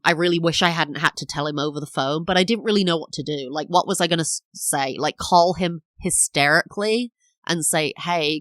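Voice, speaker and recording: A woman's voice: sits low, a bit bright, dry recording. A woman in her thirties, a podcast host telling a personal story in a chatty, rambling way, full of fillers and acted-out quotes. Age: 30s.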